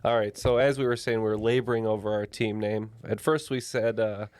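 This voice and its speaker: A man's voice: on the low side, level tone, fairly quick, a little mellow, clear, resonant tone, dry recording, clean studio sound. A man co-hosting a trivia podcast with jokey, upbeat banter. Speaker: podcast co-host and player.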